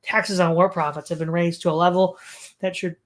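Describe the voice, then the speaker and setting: Reading an old political essay for an audiobook, the narrator keeps a plain, steady, measured delivery at middle pitch. Now and then he trips over a word and corrects himself right away, at times adding a brief "sorry."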